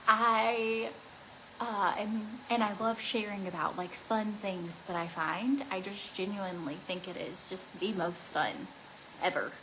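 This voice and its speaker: A woman's voice: medium pitch, a little slow, noisy background. A young woman chatting casually while doing her makeup at home, rambling with lots of "like" and restarts. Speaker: beauty vlogger.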